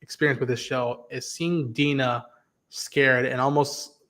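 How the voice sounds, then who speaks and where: A man's voice: mid-range voice, fairly even intonation, measured pace, fairly bright tone. A man hosting a podcast livestream, talking casually and animatedly, swearing and acting out characters' lines as he recaps. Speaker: podcast host. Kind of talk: casual livestream talk about an episode.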